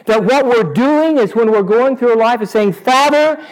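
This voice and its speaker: A man preaching a sermon to a live congregation, animated and asking them questions. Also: very high voice, moderate pace. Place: church service before a congregation.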